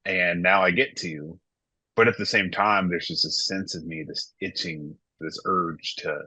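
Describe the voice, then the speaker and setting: Deep, forceful-voiced man in his thirties. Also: fairly even intonation, measured pace, husky, no room sound. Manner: candid, reflective. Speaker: worship pastor. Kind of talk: casual podcast conversation. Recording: dull lo-fi dry sound.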